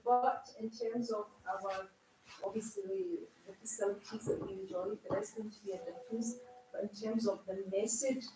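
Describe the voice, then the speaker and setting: A woman in the audience calmly answering a speaker's questions in a mosque hall. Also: medium pitch. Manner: measured, answers questions steadily. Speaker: audience member. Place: large echoey mosque hall. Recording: echoey hall from far off, faint hiss.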